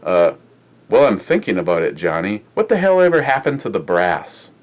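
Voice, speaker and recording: A man's voice: low-pitched, sing-song, normal speed. A man hosting a casual beer review chat, rambling and swearing, full of uh fillers. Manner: rambling, profane, many uh fillers. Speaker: beer review podcast host.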